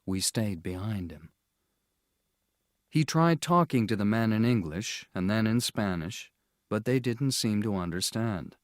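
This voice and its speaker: A man narrating a storybook audiobook in a slow, measured, clear reading style. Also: fairly low pitch, expressive, dry recording, studio quality.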